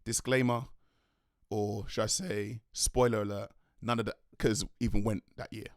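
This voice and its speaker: A young man, a dance crew leader telling a rambling, excitable story in a vlog. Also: fairly low pitch, moderate pace, dry recording, clean studio sound. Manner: rambling, excitable, slangy, self-correcting.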